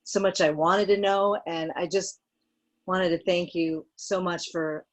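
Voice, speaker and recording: A woman's voice: fairly low pitch, fairly even intonation, unhurried. A woman congregant eagerly thanking a speaker over a video call.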